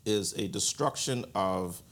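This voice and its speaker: Deep-voiced man, measured. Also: fairly bright tone. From Bahamas. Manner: measured, deliberate, with frequent restarts. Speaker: guest economic commentator. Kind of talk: interview answer.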